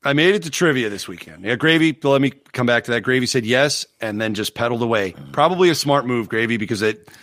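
A man's voice: mid-range voice, animated, quick pace, hardly any pauses, a bit bright, dry recording. A middle-aged man co-hosting a podcast, swearing freely and telling stories in casual chat, recovering from arm surgery. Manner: profane, storytelling, mock voices. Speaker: podcast co-host.

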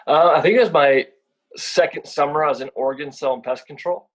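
A man's voice: fairly high pitch, brisk, a bit bright, low-quality recording. A young man guest talking frankly and casually about sales, often repeating words as he starts a thought. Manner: blunt, repeats words when starting sentences. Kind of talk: casual podcast chat.

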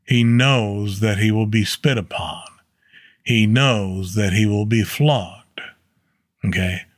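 A man's voice: fairly low pitch, slow, no echo, studio quality. A man teaching a Bible chapter in a casual, earnest way, stopping to correct himself and using fillers. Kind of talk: casual Bible study talk.

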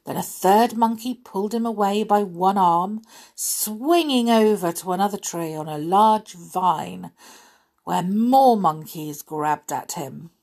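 A woman reading a children's story aloud as a storyteller, in a gentle, chatty manner with small fillers. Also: mid-range voice, slow.

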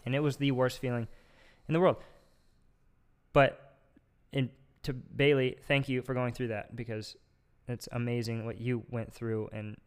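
A young man with a smooth, clear voice tells a long personal story on a casual podcast. He rambles, stacks up filler words and pushes ahead with animated energy. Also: mid-range voice, unhurried. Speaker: podcast host.

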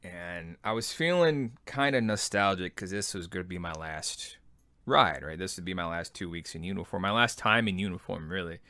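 A man's voice: sits low, lively intonation, moderate pace, pushed and bright, dry recording. A man in his thirties telling personal army stories in a laid-back, self-deprecating, rambling way. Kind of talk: personal storytelling.

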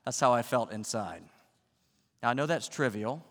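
A man's voice: medium pitch, animated, normal speed, big-room sound. A man preaching a sermon as a pastor, acting out the voices in the story with drama.

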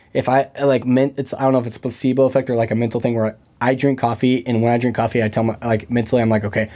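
A man's voice: mid-range voice, mellow. A young man hosting a casual podcast chat, joking and rambling with plenty of fillers. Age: young adult. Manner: chatty, joking, full of fillers. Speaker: podcast host.

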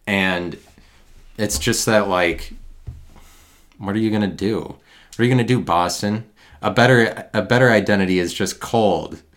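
Low-voiced man rambling into a recorder. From American Midwest. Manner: digressive, halting, sardonic. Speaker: monologuist. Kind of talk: rambling solo monologue. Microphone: handheld voice recorder.

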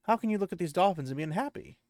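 A man's voice: high-pitched, animated, rapid-fire, a little mellow, no echo, clean studio sound, voice pushed up. A man voicing a curious young noblewoman who asks questions in a slightly raised voice.

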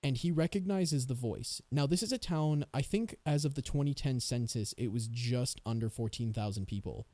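A man's voice: mid-range voice, moderate pace, few pauses, warm tone, no room sound. A man hosting a casual true-crime podcast, rambling and sarcastic as he thinks aloud. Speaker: podcast host.

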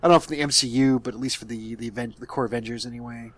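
A man's voice: mid-range voice, steady tone, rapid-fire, dry recording. A man talking casually about a movie he reviews with friends, hesitant and repeating words as he thinks. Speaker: podcast co-host.

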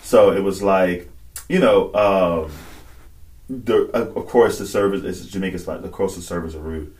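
A man's voice: low-pitched, measured pace, darkish tone, far from the mic. A man co-hosting a podcast in casual chat, laughing often and acting out voices as he tells stories. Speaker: podcast co-host.

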